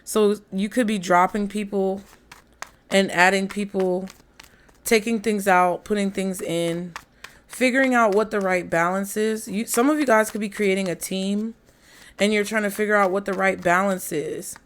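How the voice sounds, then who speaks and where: A woman's voice: mid-range voice, steady tone, moderate pace. A woman, chatting casually through a tarot reading and talking straight to her viewers. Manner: chatty, laughs often, addresses viewers as y'all and child. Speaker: tarot reader.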